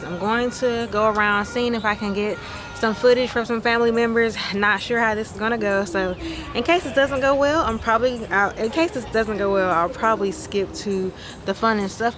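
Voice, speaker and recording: A woman vlogging her family at home, chatting casually and playfully quizzing her relatives on camera. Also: fairly high pitch. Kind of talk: casual chat. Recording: echoey room with background noise.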